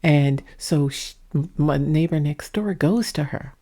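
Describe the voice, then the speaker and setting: Woman talking low and rambly at home, husky dark voice, kinda gravelly. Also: unhurried. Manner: talks low and soft, rambling. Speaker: vlogger. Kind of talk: casual storytelling. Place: indoors at home, under a ring light. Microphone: mic set up in front of her.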